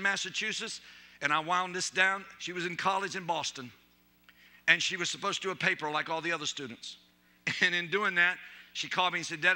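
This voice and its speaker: Middle-aged male pastor, high voice, humorous storyteller who acts out the quotes. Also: sharp tone. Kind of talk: sermon. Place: church.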